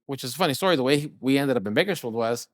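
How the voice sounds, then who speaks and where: A middle-aged chef and restaurant owner from California guests on an interview show, speaking very fast in a mid-range voice. The recording is dry with clean studio sound. He's an animated storyteller who casually tells stories and often acts out quoted dialogue.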